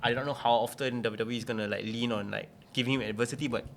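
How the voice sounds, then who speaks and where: A man's voice: mid-range voice, steady tone, racing, vocal fry, slight background noise. A man hosting a casual podcast chat, upbeat and hyping, often filling in with "okay" and "very interesting.". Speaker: podcast host.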